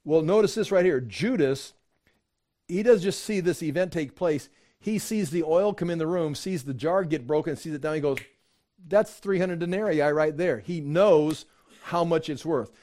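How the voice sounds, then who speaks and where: Guy giving a laid-back bible study, kinda high voice, rambles w everyday examples. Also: normal speed, dark tone. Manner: casual and rambling, with asides and everyday comparisons. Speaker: pastor or Bible teacher. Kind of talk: conversational Bible study sermon.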